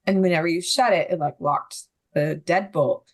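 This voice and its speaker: Speaking at a moderate pace in a lowish voice, a young adult woman guesting on a podcast tells her survival story. She's candid and vivid, with the occasional nervous laugh.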